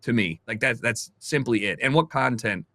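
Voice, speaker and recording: Young adult man, streamer, candid, dry close sound, mid-pitched. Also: moderate pace, pushed and bright, no room sound. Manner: opinionated, candid, swears casually. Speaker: streamer guest. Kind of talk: casual podcast chat.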